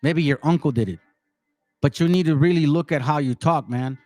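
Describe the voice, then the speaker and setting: A man's voice: on the high side, fairly quick, a little mellow, dry recording. A man in his forties ranting as channel host, confrontational and slangy. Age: 40s. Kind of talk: heated rant to a commenter.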